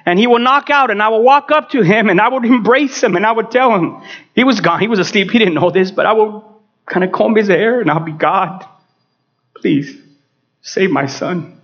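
Man, pastor, high-pitched, dramatic sermon delivery, loud-to-hushed swings, dull recording. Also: fast. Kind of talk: personal testimony sermon.

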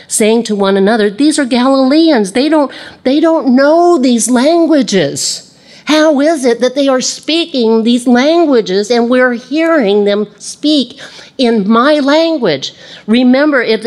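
A middle-aged woman teaches a casual Bible lesson in a chatty, personal way. She laughs easily and slips into the voices of the people she quotes. Her voice sits at an ordinary middle pitch. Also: darkish tone.

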